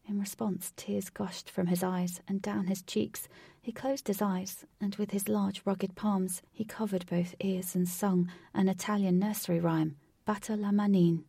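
A woman narrating a storybook aloud in a steady, measured reading, recorded from a distance from the microphone. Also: medium pitch, gravelly, breathy edge, dry recording. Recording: distant from the mic, dry.

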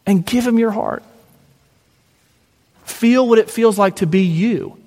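A gentle, encouraging male preacher with a fairly high voice builds his points through repeated phrases. His words ring out with a long reverb in a large room. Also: takes it slowly. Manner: gentle, encouraging, repetitive lists. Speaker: pastor. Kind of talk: sermon with closing prayer.

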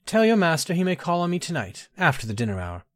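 A man's voice: fairly high pitch, wildly swooping pitch, fast talker, voice pushed up. A man voicing a proud, anguished noble queen. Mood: tense, formal. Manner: formal, courtly phrasing.

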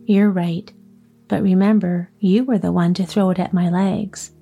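A woman voicing a dapper, hot-tempered little old man in a storybook reading, quick to anger. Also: lowish voice, steady tone, vocal fry, breathy edge, muffled recording, faint music behind, heavily acted. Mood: grumbling.

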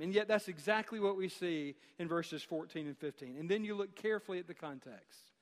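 Male pastor, high voice, emphatic sermon delivery in a reverberant church. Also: a bit bright. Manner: emphatic, repeats phrases, slows for key lines. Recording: long hall reverb.

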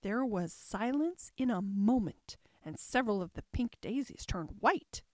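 A woman narrating a classic storybook as an audiobook reader, expressive and lilting, close to the mic. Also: mid-range voice, a little slow, no echo.

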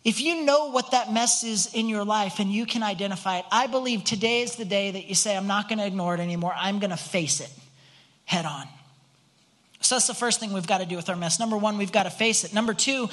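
A man's voice: sits high, fast talker, a bit bright. An earnest man preaching to his congregation in a loose, conversational way, leaning on rhetorical questions. He often restarts and repeats words as he thinks aloud, and he sounds like a pastor speaking in church on a Sunday morning. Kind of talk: conversational sermon.

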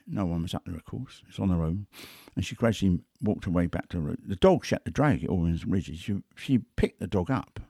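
A man's voice: sits low, brisk, few pauses, husky, no echo, studio quality. A man talking as a big cat investigator, telling stories and acting out quotes and sounds. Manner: animated, acts out quotes and sounds. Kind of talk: conversational storytelling.

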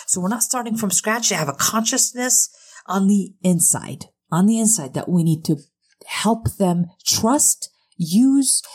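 Earnest thirtysomething woman, chatty parenting talk, gets emphatic, mid pitch. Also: a little mellow, slightly rough. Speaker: parenting podcast host. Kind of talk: casual educational talk.

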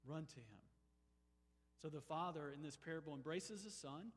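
A man preaching a sermon as a pastor, moving between emphatic, rising exclamations and quiet, pleading passages. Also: a little high, animated, normal speed, breathy edge, long reverb tail. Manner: emphatic, swings from soaring exclamations to hushed pleading.

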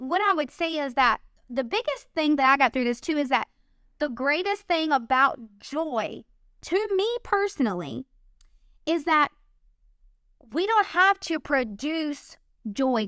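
A woman's voice: high-pitched, fairly bright tone, no room sound, studio quality. A woman giving an earnest, upbeat devotional talk, speaking chattily and addressing listeners as guys.

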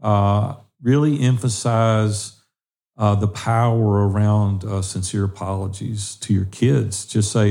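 Male podcast co-host, low and dark tone, earnest and exhorting. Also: fairly even intonation, slow, gravelly. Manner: earnest, exhorting listeners directly. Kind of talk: encouraging podcast talk.

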